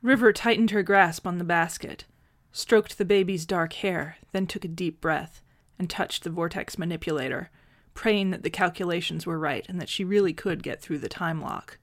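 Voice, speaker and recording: A woman reading fan fiction aloud in a gentle, measured narrating voice. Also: fairly low pitch. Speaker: audiobook reader.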